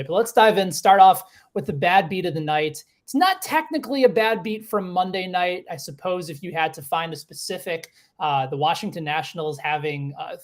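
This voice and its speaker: A man hosting a sports betting podcast, steering the talk in a measured way with frequent "uh" fillers. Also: fairly high pitch. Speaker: podcast host. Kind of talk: casual podcast chat.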